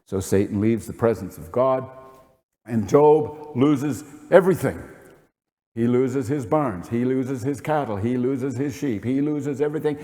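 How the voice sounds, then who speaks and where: A pastor's sermon echoes with long reverb through a church sanctuary. Medium in pitch, mellow, and animated, he speaks without hurrying, earnestly pressing his points and asking rhetorical questions.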